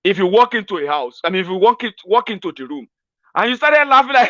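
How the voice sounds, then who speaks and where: A Nigerian-accented man holds forth in a casual monologue, his voice sitting high for a man. He slips into pidgin to act out everyday exchanges with lively energy. The sound is dry and a little dull, with no room around it. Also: quick pace, dry recording. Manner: animated, acts out street exchanges in pidgin. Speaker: political commentator.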